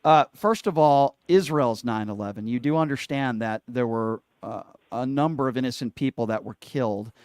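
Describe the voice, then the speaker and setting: A man's voice: medium pitch, normal speed, hardly any pauses, darkish tone, no room sound. A man hosting a political talk radio show, questioning callers in a combative, sarcastic way on a studio microphone.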